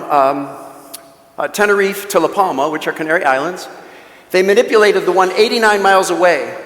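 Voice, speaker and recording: Male mission speaker with a high voice, chatty storyteller with jokey asides, recorded in a roomy, echoing church. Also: a bit bright. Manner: storytelling with joking asides to the audience. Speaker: guest speaker at a parish mission. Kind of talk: conversational talk at a church mission. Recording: echoey church with long reverb.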